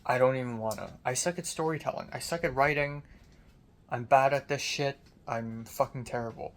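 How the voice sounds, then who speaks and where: A young man, a college student, in a casual video diary, his voice deep and strained after screaming, frustrated and self-critical, swearing often. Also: moderate pace. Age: young adult.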